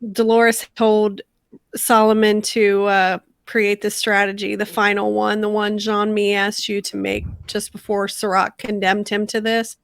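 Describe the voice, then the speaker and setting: A woman co-hosting a podcast, calmly recounting plot details in casual talk. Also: medium pitch, a little slow, creaky, dry recording, studio quality. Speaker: podcast co-host.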